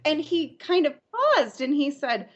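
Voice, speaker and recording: A woman from Arizona, a teacher, telling stories in a podcast interview, lively and often laughing. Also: high-pitched, a little slow, highs cut off. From Arizona, USA. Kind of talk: storytelling in an interview.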